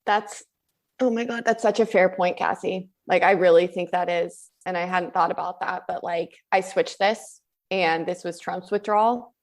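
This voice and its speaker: A woman's voice: on the low side, fairly even intonation, moderate pace. A woman co-hosting a podcast, conversational and thoughtful, weighing both sides of a political argument. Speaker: podcast co-host. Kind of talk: political discussion.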